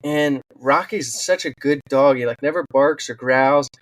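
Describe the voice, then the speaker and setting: This podcast guest, a man who fights wildland fires and writes books, shares personal stories earnestly and with animation in a relaxed interview, dropping in plenty of "um"s. He has a mid-range voice and an unhurried delivery, with no room sound.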